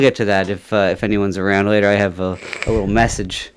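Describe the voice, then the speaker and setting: A man's voice: fairly low pitch, fairly even intonation, fast, slight background noise. A man hosting a casual livestream, rambling with many fillers and little chuckles. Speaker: livestream host. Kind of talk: casual chat.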